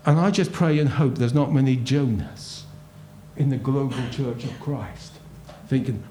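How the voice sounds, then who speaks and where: A man preaching a sermon, emphatic and full of rhetorical questions, his voice swinging between loud and hushed. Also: medium pitch, measured pace, a little hiss or hum. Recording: roomy echo.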